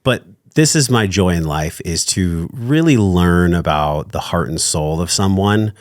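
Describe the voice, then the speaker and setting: Male podcast host, low voice, earnest and heartfelt, dry close mic. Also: lively intonation, unhurried, no echo. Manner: earnest, heartfelt, effusive thanks. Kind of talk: casual interview chat.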